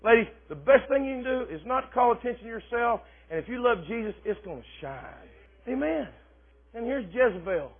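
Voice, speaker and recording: A man preaching a sermon, lively and dramatic, shifting between quiet asides and loud shouting. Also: very high voice, fairly quick. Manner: animated preaching, swings from soft asides to shouting, laughs often. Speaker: pastor. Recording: phone-like, thin and husky.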